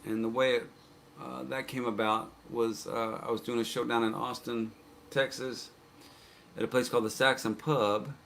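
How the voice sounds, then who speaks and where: Indoors on a live stream picked up by stream cameras, a man hosts his own show and chats casually between songs, telling stories in a laid-back way with dry jokes. His medium-pitched voice is level, creaky and a bit bright at normal speed, with slight background noise.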